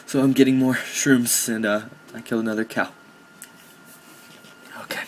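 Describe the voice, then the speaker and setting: A man's voice: mid-range voice, fairly even intonation, brisk, slight background noise. Joking young man narrating his gameplay. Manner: mock-dramatic, joking about his own feelings. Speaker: gaming commentator. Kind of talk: casual gameplay commentary.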